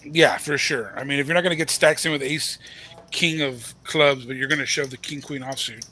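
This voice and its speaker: A man's voice: mid-range voice, brisk, sharp tone. A man doing casual color commentary on a live poker game, joking and talking to the players as if they can hear him.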